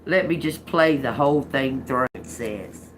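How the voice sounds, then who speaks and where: A woman's voice: very deep voice, measured pace, slight background noise. A woman doing a live-stream tarot reading, talking casually and profanely, laughing often and trailing off into restarts. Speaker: tarot reader.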